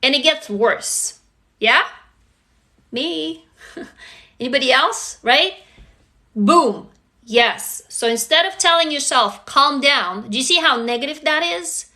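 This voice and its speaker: A woman with a high, sharply bright voice hosts a casual live self-help talk from her phone. She coaches her viewers by firing questions at them and swears freely along the way. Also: lively intonation, slow pace, pauses often. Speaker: live-stream host.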